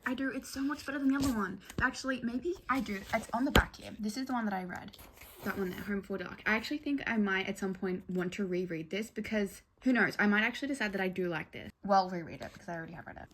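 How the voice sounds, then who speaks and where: A woman's voice: medium pitch, quick pace, noisy background. A young woman vlogging casually about books, chatty and rambling with lots of fillers. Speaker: book vlogger. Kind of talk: casual vlog chat.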